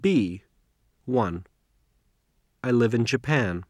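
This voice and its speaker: A man narrating a scripted English lesson, reading model sentences slowly and with careful enunciation. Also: mid-range voice, animated, no echo, clean studio sound. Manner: slow, deliberate, carefully enunciated.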